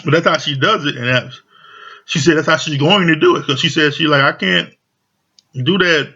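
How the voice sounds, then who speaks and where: Bright-voiced man with casual slangy chatter. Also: on the high side, a little fast, husky. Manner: loose, chatty, full of slang and fillers. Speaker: reality show reviewer. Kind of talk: casual recap commentary. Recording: dull lo-fi audio.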